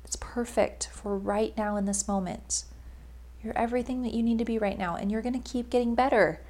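A woman's voice: a little high, steady tone, a little fast, a little mellow. A young adult woman, a life coach, giving a casual but emphatic motivational monologue with frequent "like" fillers.

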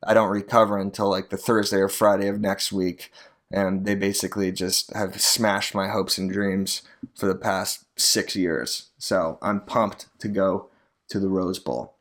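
A man's voice: sits low, steady tone, a little slow, fairly bright tone. A man from Arizona hosting a podcast alone, talking in a rambling, profane and sardonic way. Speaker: podcast host, real estate agent. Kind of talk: casual solo podcast monologue.

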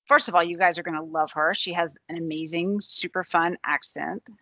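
A woman's voice: on the low side, steady tone, a little fast, pushed and bright, no room sound, highs cut off. A woman podcast co-host with a Southern American accent, talking in an upbeat, enthusiastic way and asking rhetorical questions. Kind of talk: casual podcast chat.

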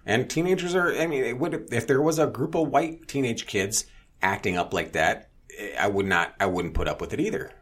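A man's voice: medium pitch, moderate pace, a bit bright, slightly rough. A man in casual chat, telling blunt, profane stories as a podcast co-host.

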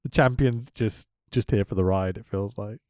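A man's voice: fairly low pitch, normal speed, darkish tone, no room sound, studio quality. A man co-hosting a casual wrestling recap podcast, laughing often and swearing freely. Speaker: podcast co-host.

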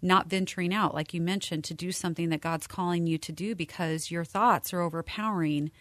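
A woman co-hosting a casual faith-based podcast, speaking in a reflective, thoughtful way with frequent pauses and fillers. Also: fairly low pitch, steady tone, dry recording. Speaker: co-host.

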